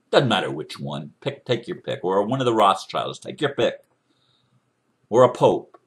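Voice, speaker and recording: A man delivering a fervent commentary monologue, his pitch swinging widely as he presses each point. He talks in an emphatic, preaching way and keeps firing off rhetorical questions. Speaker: commentator responding to another speaker.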